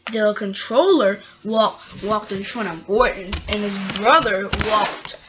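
A woman improvising a toy-train story, narrating haltingly and correcting herself as she goes. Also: medium pitch, dull audio, background noise.

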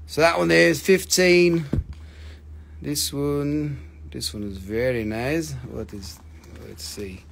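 A fairly high-pitched man hosts a live crystal sale from a small shop room. He talks fast and jokes between items. He reads out prices and code numbers as he goes. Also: vocal fry, slight background noise. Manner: rapid, joking, reading out prices and codes. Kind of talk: live stream sales chat.

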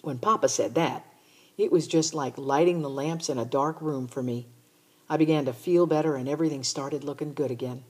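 A woman reading a children's novel aloud in a steady first-person narration. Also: low-pitched, fairly quick, husky. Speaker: audiobook reader. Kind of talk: storybook narration.

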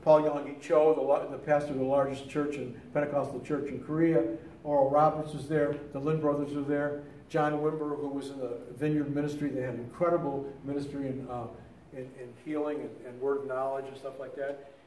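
A man's voice: medium pitch, flat delivery, fairly quick, darkish tone, echoey room, recorded from a distance, slight background noise, low-quality recording. An older man giving a casual teaching talk on prayer, telling stories with many restarts. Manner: conversational storytelling with many restarts. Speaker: lay teacher.

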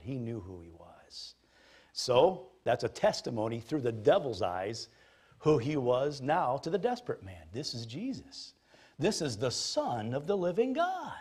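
A man, a pastor, preaching a sermon in an animated, jokey storytelling manner. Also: mid-range voice, moderate pace, breathy edge.

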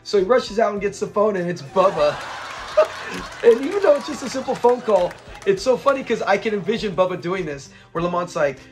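High-voiced man eagerly breaking down an episode. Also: expressive, soft background music. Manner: eager, rambling, retells scenes with quick quoted lines. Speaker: host of a classic sitcom review channel.

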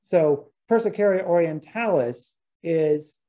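A presenter giving an informal gardening lecture, pausing often, restarting phrases and checking whether the audience is following. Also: mid-range voice, animated, mellow, rough recording. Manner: halting, with frequent restarts and filler words.

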